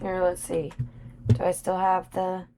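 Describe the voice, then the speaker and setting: A woman's voice: on the low side, little pitch movement, measured pace, background noise. A woman streamer chatting casually on a live game stream, with an accent, muttering to herself while she plays. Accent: non-British accent.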